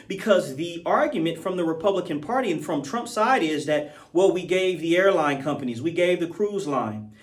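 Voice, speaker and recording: A middle-aged man from the United States giving an emphatic political commentary monologue, arguing point by point and throwing rhetorical questions at his viewers. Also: high voice.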